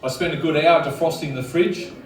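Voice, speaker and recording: Australian male stand-up, 50s, crude blokey deadpan, a touch high-pitched, roomy club sound from afar. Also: brisk, distant mic, slight background noise. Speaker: stand-up comedian. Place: comedy club stage with live audience.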